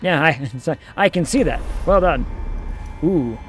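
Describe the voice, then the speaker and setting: A man's voice: a little high, animated, unhurried, faint music behind. A man streaming a game, making sarcastic, joking comments to his viewers as he plays. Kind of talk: live gameplay commentary.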